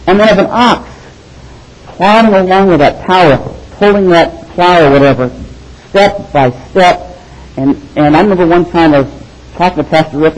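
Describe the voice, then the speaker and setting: A man preaching a sermon, animated and storytelling, with quick asides. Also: fairly high pitch, poor audio. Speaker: pastor.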